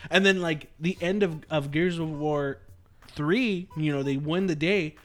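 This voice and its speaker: A man's voice: on the high side, measured pace. A young man telling a story in casual chat among friends, acting out quotes with big jumps in his voice.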